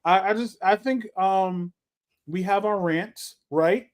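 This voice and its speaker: A man with a high speaking voice co-hosts a casual podcast chat. He is animated and playful, and now and then he belts out lines like a ring announcer. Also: takes it slowly. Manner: animated and joking, with loud announcer-style bursts. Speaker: podcast co-host.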